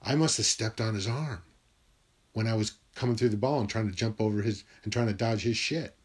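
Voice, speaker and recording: A man telling a personal story from his school days in a wry, profane, animated way. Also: on the low side, a little fast, slightly rough.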